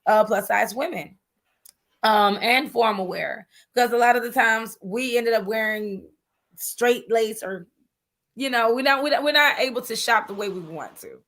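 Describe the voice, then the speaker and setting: A woman guest in an interview, telling her business story in a lively, chatty way, calling people "honey" and using many fillers. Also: fairly high pitch, moderate pace. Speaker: guest entrepreneur. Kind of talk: animated interview talk.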